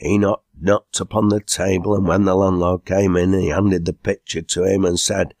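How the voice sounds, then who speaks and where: A man with a Lancashire accent narrating an audiobook in a measured, unhurried reading style. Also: low-pitched, flat delivery, darkish tone, no room sound, clean studio sound. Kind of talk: storybook narration.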